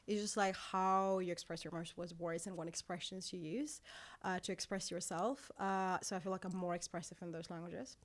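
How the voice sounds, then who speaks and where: A woman's voice: lowish voice, fairly even intonation, a little fast, hardly any pauses. A young woman from Georgia, a guest on an interview show, chatting casually and playfully, with a lot of laughter. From Georgia, raised in Moscow. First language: Georgian and Russian. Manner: laughing, playful, switching languages with many fillers.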